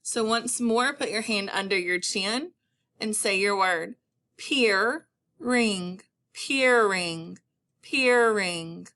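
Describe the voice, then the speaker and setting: A woman teacher giving a patient phonics lesson, stretching words out slowly for her students. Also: mid-range voice, sharp tone.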